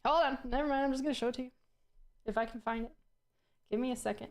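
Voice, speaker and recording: Fast-talking and high-voiced with fairly even intonation, this streamer keeps things casual and playful, poking fun at herself. Laughter comes often, and she swears here and there when her words get tangled.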